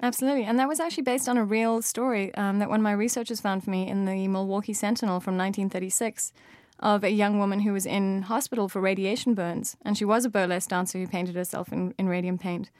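A woman's voice: mid-range voice, fairly even intonation, fast, a little mellow, dry recording. South African woman author, dry studio. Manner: thoughtful, frequent fillers and restarts. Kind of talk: interview.

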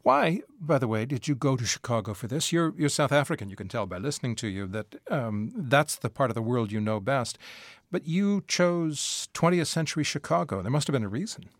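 A man's voice: mid-range voice, animated, a little fast, no echo, studio quality. A man interviewing an author, asking reflective, conversational questions.

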